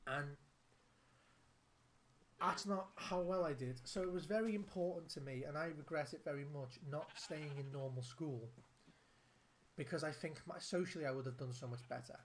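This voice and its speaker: A man's voice: fairly high pitch, a little hiss or hum. A man, a father and gaming video host, speaking earnestly and heartfelt to the camera, repeating his points for emphasis. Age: adult, father of a young son.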